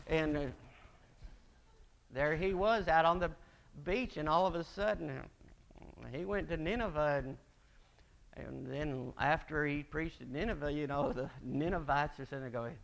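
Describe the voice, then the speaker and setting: A middle-aged man delivers a sermon in a church, spinning folksy stories and slipping into the voices of the people he describes. His voice sits a little high, with a gravelly rasp. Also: normal speed, a bit bright. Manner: folksy storytelling, acting out quoted voices. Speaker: preacher. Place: church sanctuary.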